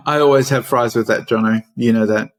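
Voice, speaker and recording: A man co-hosting a casual podcast, teasing and quick to laugh. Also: mid-range voice, steady tone. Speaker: podcast co-host.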